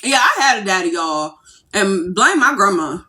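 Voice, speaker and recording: Young woman, livestream rant, bright lively voice, brash and profane. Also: mid-range voice, moderate pace. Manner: brash, profane and animated, swooping into giddy squeals.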